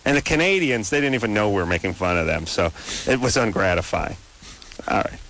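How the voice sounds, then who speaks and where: A man's voice: on the low side, animated, brisk, fairly bright tone, slight background noise. Rambling, sarcastic radio host man. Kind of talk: late-night radio talk banter.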